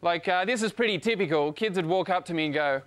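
A young Australian man doing a stand-up routine on stage, with dry, deadpan jokes. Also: high-pitched, fast. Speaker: stand-up comedian. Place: comedy stage before a live crowd.

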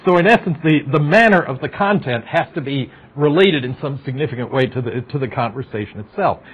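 A man's voice: mid-range voice, lively intonation, a little fast, husky. A middle-aged man giving a university psychology lecture, talking conversationally, asking the class questions and making wry asides. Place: lecture hall. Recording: dull lo-fi lecture recording.

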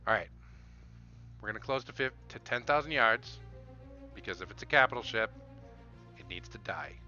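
A man's voice: fairly low pitch, animated, normal speed, lo-fi sound, soft background music. A man streaming a game, eagerly commenting, asking viewers for input, and calling out naval orders. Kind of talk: live gameplay commentary. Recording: game sounds loud behind the voice.

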